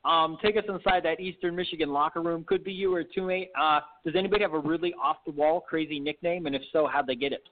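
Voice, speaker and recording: Fast-talking male sports show host on a phone line. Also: a little high, fairly even intonation. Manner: enthusiastic, rambling questions. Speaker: podcast host. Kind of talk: sports interview.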